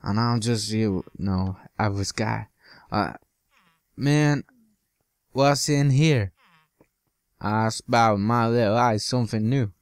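A man's voice: on the low side, slow pace, long pauses, smooth, dry recording, studio quality. A man giving loose, joking commentary over his own gameplay, swearing now and then and slipping into silly bits. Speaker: gaming channel host.

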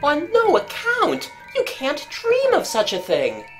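A woman's voice: high-pitched, sing-song, normal speed, music in the background, pitched above the performer's own voice. A woman voicing a nervous, secretive genteel lady who speaks in an anxious, pleading tone. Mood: alarmed.

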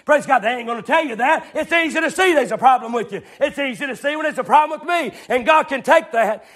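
High-voiced preacher shouting a fiery sermon. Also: male voice, fast talker. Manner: repetitive, shouting refrains, folksy.

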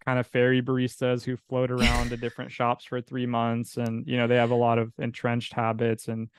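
Man, steady monotone delivery, smooth clear tone, dry close sound, casual podcast guest. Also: medium pitch, a little fast, no echo. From California. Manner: relaxed, rambling, with fillers and restarts. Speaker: coffee business owner, guest.

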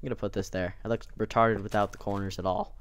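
Fast and smooth, a young man's fairly low voice keeps a steady tone in a dry recording. As a gameplay video host, he rambles casually through his let's-play, addressing himself and the game while his voice cracks often.

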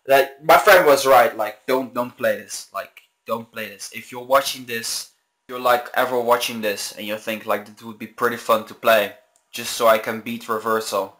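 A young man hosting a gaming video, raging and yelling in frustration, slow and exasperated between outbursts of laughter. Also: medium pitch, rough recording. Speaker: gaming channel host. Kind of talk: gaming commentary.

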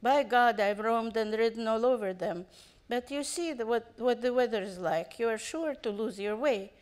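A woman voicing a calm, cool-headed male wanderer while reading a story aloud. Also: a little high, normal speed, lightly acted. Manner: calm, steady.

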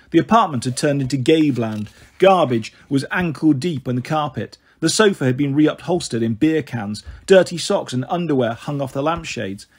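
Husky-voiced man narrating a story. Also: on the high side. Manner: first-person storytelling, steady reading. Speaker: audiobook narrator. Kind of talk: scripted narration.

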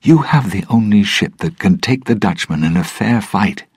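A man's voice: fairly low pitch, animated, moderate pace, husky, no echo, clean studio sound, voice pushed up. A man voicing a cocky, carefree male pirate captain, playful and teasing, in a storybook reading.

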